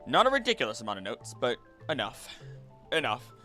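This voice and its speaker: A young man chatting casually on a stream, rambling and excitable, jumping between topics and often restarting his sentences. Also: medium pitch, a little fast, faint music behind. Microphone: desk mic.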